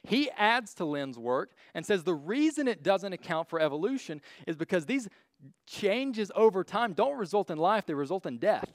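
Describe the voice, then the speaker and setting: A man's voice: high voice, sing-song, moderate pace, no room sound, studio quality. Blunt, joking man giving a slide lecture. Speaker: speaker teaching a class on faith and evolution.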